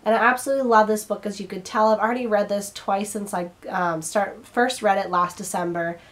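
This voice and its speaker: A woman's voice: mid-range voice, fairly even intonation, brisk. A young woman chatting casually to camera as a book vlogger, her throat a little strained, rambling and now and then stumbling over her words.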